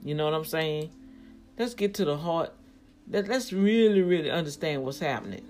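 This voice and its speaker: A woman's voice: sits low, expressive, normal speed, darkish tone, soft background music. A woman vlogger in casual commentary, rambling as she thinks things through aloud and speaking straight to her viewers, growing emphatic when riled up.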